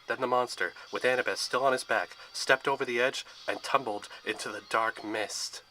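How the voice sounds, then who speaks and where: A man reading a storybook adventure aloud with steady, expressive narration. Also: mid-range voice, moderate pace, few pauses, faint music behind, low-quality recording.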